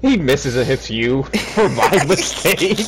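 A man streaming a co-op game, chatting casually, swearing and laughing often. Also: fairly high pitch. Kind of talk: casual co-op gameplay chat.

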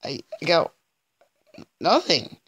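A man giving let's-play commentary, exasperated and stammering, often pleading out loud with the game. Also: fairly high pitch, wildly swooping pitch, very slow, a little hiss or hum. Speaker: gaming video creator.

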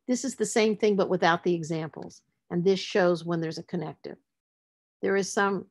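A woman teaching a literacy session, explaining word parts and spelling letters out as she goes. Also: lowish voice. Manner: explanatory, spells out letters, stresses words for emphasis. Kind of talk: presenting a lecture on word structure.

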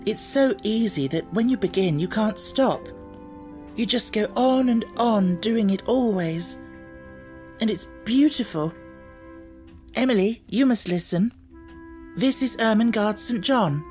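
A man reading an audiobook, voicing an imaginative, self-assured little girl who speaks in an earnest, gently coaxing way. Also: sits high, animated, unhurried, pauses often, faint music behind, voice pushed up.

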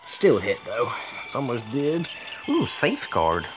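A man's voice: medium pitch, wildly swooping pitch, a little slow. A man casually commenting on a video game, joking, swearing and talking back to the game. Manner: joking, profane, talks to the game.

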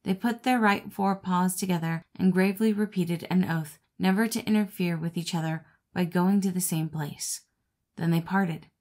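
A woman narrating a classic fable as an audiobook reader, in a steady, expressive reading voice. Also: lowish voice, normal speed. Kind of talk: storybook narration.

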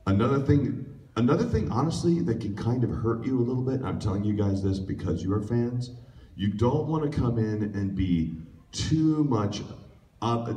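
A voice actor on a convention panel talks casually and jokingly, rambling with plenty of fillers. His voice is lowish and mellow, captured from far off in an echoey, large convention hall.

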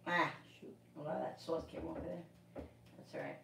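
Low-pitched, very animated and a little fast, this middle-aged woman's fairly bright voice comes from far off the mic, with a little hiss or hum in the echoey home kitchen. She's hosting a cooking livestream, chatting casually and rambling through a repetitive story full of restarts.

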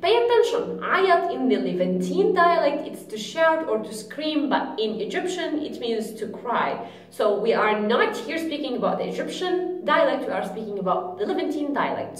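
Lively high-voiced woman teaching a language. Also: echoey room. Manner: repeats words slowly and clearly, lively teaching tone. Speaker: Arabic teacher. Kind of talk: language lesson.

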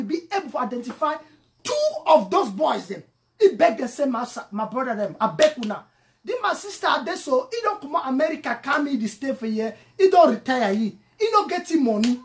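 Fairly quick and very animated, this woman's high voice carries a Cameroonian English accent blended with Pidgin. As an online commentator, she gives a repetitive, emphatic, impassioned monologue, her volume rising and falling between loud and soft.

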